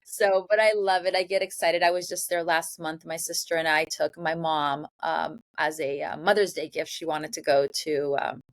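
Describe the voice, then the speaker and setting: A middle-aged dating coach, born in New York and raised in Ecuador and South Florida, chats as a guest in a casual interview. Her low-pitched voice keeps a steady tone at a moderate pace with hardly any pauses, yet she is gushing and bubbly, full of restarts and little laughs. The recording is dry.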